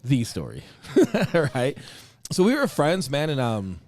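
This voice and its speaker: A male podcast host telling a story in casual chat, animated, laughing often and swearing casually. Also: fairly high pitch, slow pace, dry recording.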